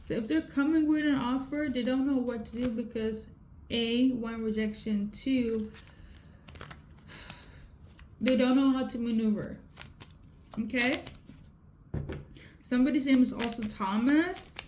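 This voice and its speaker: A woman's voice: fairly high pitch, a little slow, pauses often, a little mellow. A woman giving a casual tarot reading, talking straight to viewers and checking in with a frequent "okay?". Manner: repeats "okay?" often, conversational. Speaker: tarot reader. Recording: echoey room with faint noise.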